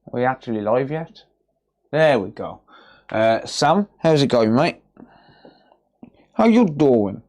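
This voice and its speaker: Man, West Midlands English accent, unhurried, casual livestream chat, relaxed. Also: medium pitch. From West Midlands, England. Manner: relaxed, chatty, greets viewers by name. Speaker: repair livestream host. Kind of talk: casual live-stream chat while working.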